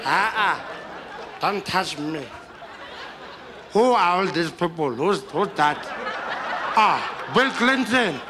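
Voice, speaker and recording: A man's voice: sits high, animated, slow, pauses often, a crowd in the background, background noise. A male comedian voicing a tipsy elder statesman in his nineties who grandly waves off helpers, in a stand-up impression. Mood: drunk, indignant. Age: 90s. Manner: slurring, waving people off, grandly indignant.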